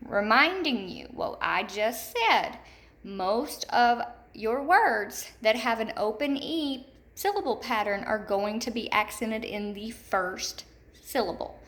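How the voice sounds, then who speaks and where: A woman teaching a third grade word study lesson, enunciating slowly and repeating example words for young children. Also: fairly high pitch, fairly bright tone. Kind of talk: recorded remote lesson.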